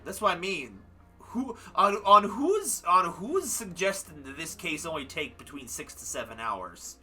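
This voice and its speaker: A young streamer's husky, higher voice swings widely in pitch, sharp in tone and a little slow, with faint music in the background. Finishing up his game stream, he chats ramblingly about the game he just completed, sounding tired and self-deprecating.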